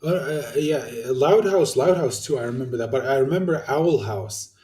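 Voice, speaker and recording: A man's voice: mid-range voice, animated, moderate pace, dark tone, echoey room, recorded from a distance. A young man ranting casually to his viewers, blunt and swearing, with lots of fillers and restarts. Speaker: YouTuber answering viewer comments.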